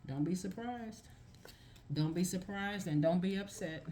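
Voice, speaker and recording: A woman's voice: on the low side, a little slow, warm tone, slight background noise. A woman giving a casual tarot reading to her viewers, emphatic and repeating phrases for stress. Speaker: tarot reader.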